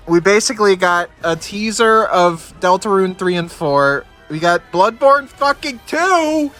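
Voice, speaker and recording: Excitable man reacting to a stream. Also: a little high. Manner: overexcited, exclaiming and repeating himself. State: teary, says he is in tears. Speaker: streamer reacting to a game showcase.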